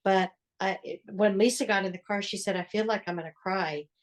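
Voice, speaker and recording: An older woman, a religious sister, telling her story in an interview in an earnest way, with reflective pauses. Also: mid-range voice, fairly even intonation. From United States.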